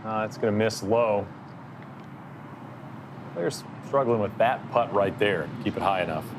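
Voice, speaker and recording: A man calling golf shots play-by-play as lead commentator, steady and upbeat. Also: fairly low pitch, unhurried, background noise.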